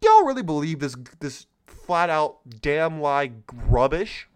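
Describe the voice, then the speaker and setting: Sarcastic, lively-pitched male podcast host. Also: slow pace, smooth. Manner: sarcastic, mocking, exclamatory. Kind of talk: solo political commentary podcast.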